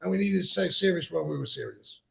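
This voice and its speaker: A man's voice: high voice, animated, fast talker. A man hosting a casual chat, earnest and reflective, thanking his guests. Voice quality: gravelly. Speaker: host.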